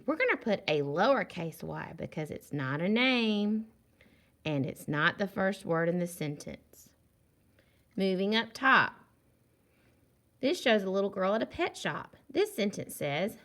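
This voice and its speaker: A woman teacher giving a recorded phonics lesson to young children, sounding out words slowly and clearly and praising them. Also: medium pitch, very animated, a bit bright.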